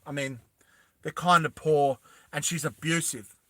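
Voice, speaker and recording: A man casually retelling a film, animated and making sound effects. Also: a little high, measured pace, dry recording, studio quality. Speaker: storyteller.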